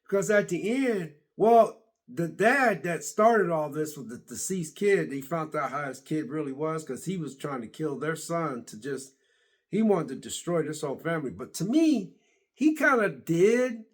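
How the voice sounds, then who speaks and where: A man vlogging a series review in a casual, rambling way, restarting sentences and getting excited as he retells scenes. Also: on the high side, moderate pace. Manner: excitable, laughs and exclaims. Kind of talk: casual rambling reaction chat.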